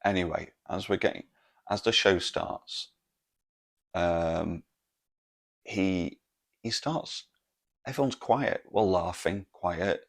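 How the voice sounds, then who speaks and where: Deep gravelly man ranting with heavy swearing. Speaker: podcast host. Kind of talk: solo comedic podcast rant.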